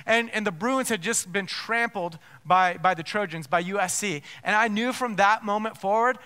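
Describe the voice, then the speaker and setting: Man, pastor, sermon, high pitch, bright tense tone, emphatic, repeats himself and restarts. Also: moderate pace, clear, resonant tone. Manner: emphatic preaching with repeated restarts and rhetorical questions.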